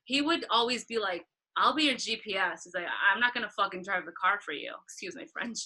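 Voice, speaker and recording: In a rough recording, a woman in her thirties speaks fairly quickly while being interviewed about her career as a concert photographer. She tells stories with energy, acting out past conversations in a raised, higher voice.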